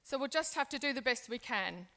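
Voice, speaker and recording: A woman's voice: high-pitched, animated, a little fast, bright, forceful tone, heavily acted. A woman playing an aging migrant mother and grandmother who chats affectionately on the phone with her family overseas. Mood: chatty. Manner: chatty, affectionate, talking on the phone. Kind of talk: acted role-play in a seminar.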